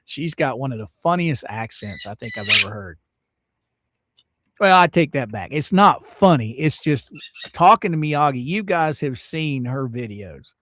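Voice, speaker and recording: A man's voice: mid-range voice, no echo, clean studio sound. A middle-aged man hosting a casual livestream from home, reading chat messages aloud and laughing often. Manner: chatty, laughs often, animated rises. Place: home streaming setup.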